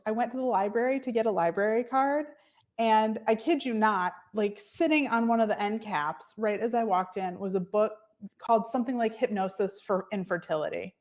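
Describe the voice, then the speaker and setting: A woman working as a fertility coach, chatting as a podcast guest and telling her own story with lively quoted asides. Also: a little high, moderate pace. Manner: chatty storyteller, animated quoting of others. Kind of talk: casual interview conversation.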